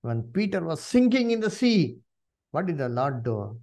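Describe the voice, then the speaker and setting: A man preaching a sermon, swinging from hushed pleading to loud emphatic exhortation and asking the congregation questions. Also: on the high side, sing-song, moderate pace. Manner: asks the congregation questions and calls on members to read.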